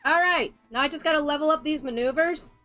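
A young woman with a high, bright voice chats while gaming. She sounds excitable and blunt and swears freely. Faint game music plays behind her. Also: a little fast. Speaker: gamer host. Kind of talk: casual chat while playing a video game.

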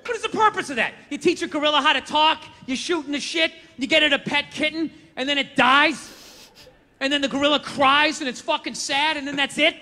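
A male comedian tells a stand-up story in a very high, bright, forceful voice, ranting in a profane and exasperated way. The recording has a long reverb, with a faint hiss underneath. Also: fairly even intonation, fairly quick.

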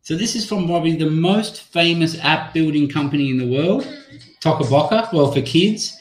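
A man's voice: on the high side, normal speed, soft background music. Chatty man presenting a webinar, echoey. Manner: chatty, apologetic, thinking aloud while demoing an app. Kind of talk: live online teacher-training webinar. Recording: echoey room sound.

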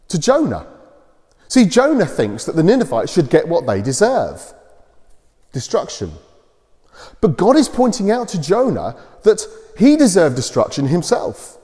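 Guy doing the kids talk at church, bit higher voice, mellow, big echoey church sound. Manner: animated storytelling with simple explanations. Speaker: preacher giving a children's talk. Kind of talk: children's talk retelling a Bible story. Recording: long church reverb.

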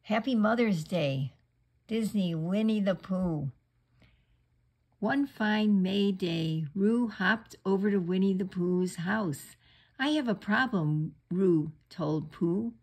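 A woman reads a children's bedtime story aloud at a slow, unhurried pace. Her delivery is gentle and even, suited to a storybook read-along. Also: medium pitch, husky.

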